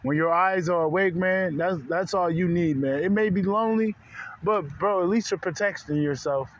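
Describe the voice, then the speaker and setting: Fed-up man ranting, slightly high voice. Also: moderate pace, highs cut off. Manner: heated, profane, repetitive, says bro often. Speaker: spiritual vlogger. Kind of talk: casual rant to camera.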